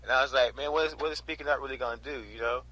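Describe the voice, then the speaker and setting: Young man, twenties, from north carolina, sharp husky voice, lively story vlog. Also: medium pitch, racing, poor audio. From North Carolina, USA. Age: 20s. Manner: animated retelling, mimics the auctioneer, keeps asking "right?" and "you know?". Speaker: storage auction reseller.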